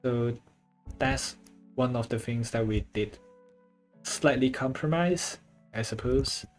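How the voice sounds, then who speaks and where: A laid-back artist talks through a drawing session at an unhurried pace, rambling loosely and leaning on filler words. Soft music plays faintly underneath. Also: medium pitch. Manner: swears casually. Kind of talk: casual chat while drawing.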